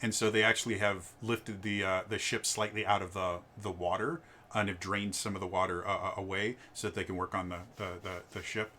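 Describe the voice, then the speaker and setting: A man's voice: deep voice, little pitch movement, brisk, bright, forceful tone, a little hiss or hum. A man narrating as game master in a tabletop game, stammering with many fillers.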